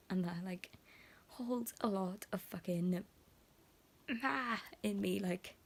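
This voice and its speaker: A woman's voice: medium pitch, a little mellow. A young woman talking emotionally in a casual vlog, rambling with lots of fillers and slipping into half-whispered asides. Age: young adult. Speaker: vlogger.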